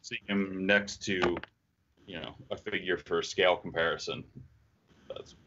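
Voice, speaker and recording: A man's voice: low-pitched, steady tone, measured pace, background noise. A man explaining product details on a live stream, enthusiastic with frequent halts. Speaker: product designer. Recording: muffled stream audio.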